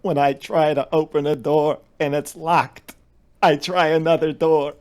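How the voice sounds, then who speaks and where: A man voicing his old grandfather quoting advice in a raised, slow, emphatic way. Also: a little high, level tone, darkish tone, pitched above the performer's own voice, natural voice. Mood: preachy.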